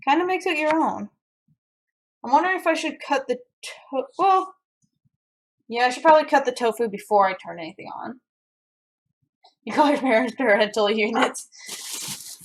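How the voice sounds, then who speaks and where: Chatty young woman with a high voice. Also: animated, a little fast, long pauses. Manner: chatty and rambling, with frequent restarts. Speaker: streamer. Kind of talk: casual chat while cooking and reading chat. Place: home kitchen.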